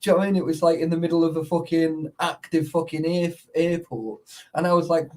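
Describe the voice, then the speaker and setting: A man, telling stories in a sweary, animated casual chat about urban exploring. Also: a little high, quick pace.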